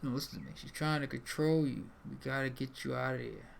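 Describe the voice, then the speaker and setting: A man's voice: mid-range voice, fairly quick, gravelly, slight background noise. A young man streaming a game live, talking casually and with a lot of swearing, and reading the dialogue aloud in changing voices.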